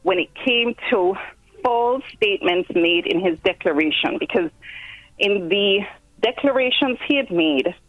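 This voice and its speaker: A Jamaican woman, a guest commentator in a phone-in news interview, explaining things step by step with pauses. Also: medium pitch, expressive, phone-quality sound, faint music behind.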